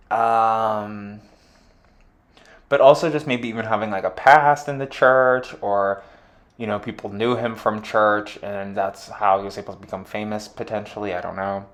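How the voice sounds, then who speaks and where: A man giving a casual solo astrology chart reading, rambling with lots of fillers and offhand jokes. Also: on the low side. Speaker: astrology reader.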